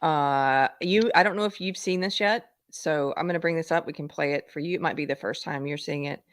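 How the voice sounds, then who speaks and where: A middle-aged woman with a low voice hosts a live-stream talk show. She chats freely, drops sly asides and laughs often. The sound is dry and close to the mic. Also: a little fast, dry recording. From United States. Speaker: host.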